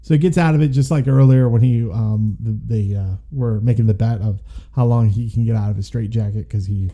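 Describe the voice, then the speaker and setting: A man's voice: on the low side, fairly quick, highs cut off. A man co-hosting a podcast, reviewing a film in casual, rambling chat with jokey asides. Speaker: podcast co-host.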